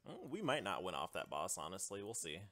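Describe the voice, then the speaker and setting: A man's voice: low-pitched, huge pitch swings, a little fast, pushed and bright. A man giving live gameplay commentary as a streamer, trash-talking opponents and swearing, with sudden yelps and laughter.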